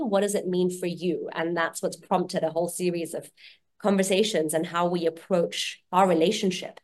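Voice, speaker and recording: A woman's voice: on the low side, fairly even intonation, normal speed. A woman who is a guest on a podcast interview, speaking thoughtfully and hesitantly with many fillers. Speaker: podcast guest, early childhood educator.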